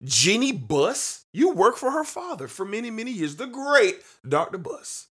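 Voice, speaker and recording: This man's voice is high and sing-song, a bit bright and husky, with an unhurried pace. As host of a sports podcast, he rants emphatically with features and repeats names for effect.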